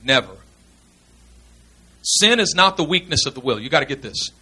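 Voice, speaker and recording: Bright-voiced man preaching. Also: a little high, very animated, normal speed, slightly rough. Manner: earnest, emphatic, repeats key points. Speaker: pastor teaching pastors. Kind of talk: sermon teaching.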